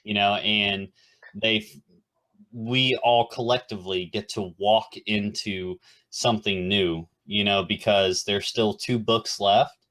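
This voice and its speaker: A man's voice: lowish voice, fairly even intonation, slow pace, a bit bright. A man in casual chat, laid-back, swearing freely and saying "dude" and "you know" a lot. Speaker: podcast co-host.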